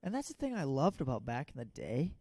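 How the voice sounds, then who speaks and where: A man's voice: medium pitch, huge pitch swings, fast talker, creaky, mellow, dry recording. A man in his twenties co-hosting a podcast, chatting in a laid-back way. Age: 20s. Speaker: podcast co-host. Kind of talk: casual chat.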